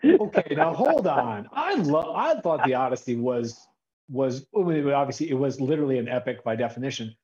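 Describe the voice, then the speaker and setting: A man co-hosting a casual podcast, upbeat and playful, moving easily between a scripted business pitch and loose banter. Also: moderate pace, lo-fi sound. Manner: upbeat, animated, playful delivery. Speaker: podcast co-host.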